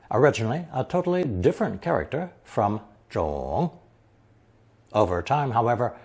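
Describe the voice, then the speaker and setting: A man narrating a scripted language lesson, slowly reading example sentences and then translating each one. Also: mid-range voice, vocal fry, darkish tone, slightly rough. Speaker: language teacher.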